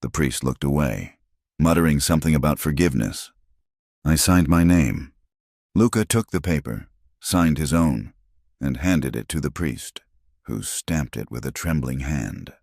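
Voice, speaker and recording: Extremely deep male audiobook narrator. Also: expressive, measured pace, gravelly, darkish tone, no echo, studio quality. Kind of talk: scripted first-person narration.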